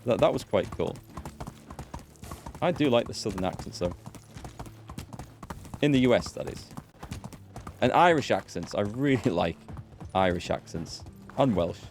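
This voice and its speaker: A man's voice: low-pitched, darkish tone, a little hiss or hum. A British man streaming a game, chatting casually, answering his chat and laughing easily. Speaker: let's play gamer and streamer. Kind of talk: casual live-stream commentary.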